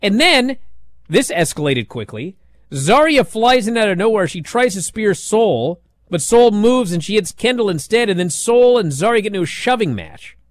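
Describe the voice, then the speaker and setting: Man, show host, casual wrestling recap, sarcastic, acts out quotes, lively swinging pitch, dry sound. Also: moderate pace, no room sound.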